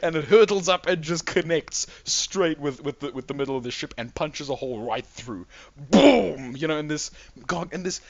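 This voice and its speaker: Stammering game master, lo-fi mic. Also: male voice, on the high side, no room sound. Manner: halting, repeats words, enthusiastic. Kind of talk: narrating a tabletop game. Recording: dull lo-fi mic.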